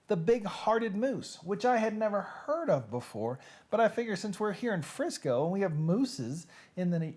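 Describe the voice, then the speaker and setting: A man's voice: fairly high pitch, a little mellow, a little hiss or hum. Chatty joking man hosting a livestream. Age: adult with nieces and nephews who have babies. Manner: chatty and joking, talks straight to viewers. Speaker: host of a live-streamed reading show. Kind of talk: casual live-stream chat.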